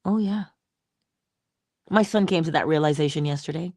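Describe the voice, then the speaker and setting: A middle-aged woman giving a motivational morning talk, speaking slowly and deliberately and answering her own rhetorical questions. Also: sits low, a little mellow, dry recording, clean studio sound. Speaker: inspirational speaker.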